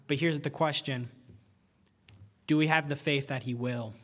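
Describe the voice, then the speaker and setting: In this sermon, the young preacher's voice runs a bit high for a man, and his energy is earnest and lively. Excitement makes him trip over and repeat words, but he slows deliberately when pressing a point.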